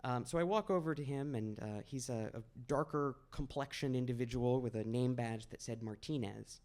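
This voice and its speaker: A young man from Maine tells a true story on a small stage, in an easy, conversational way with a wry, self-deprecating edge. His voice sits at an ordinary middle pitch. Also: normal speed, darkish tone. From Maine, USA. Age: 20s. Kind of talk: live personal storytelling.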